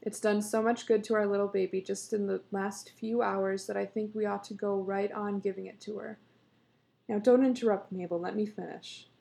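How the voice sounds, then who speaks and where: A woman's voice: mid-range voice, steady tone, normal speed, creaky, mellow, lightly acted. A woman reading as a proud, teasing beekeeper husband. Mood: boastful. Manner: coaxing, patient, boastful.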